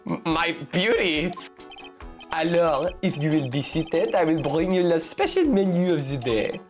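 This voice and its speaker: A woman's voice: low voice, expressive, faint music behind. A woman voicing a flamboyant male restaurant owner with a put-on French accent, theatrical and flirty, reading a video game's lines. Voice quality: theatrical, flirty, drawn-out vowels.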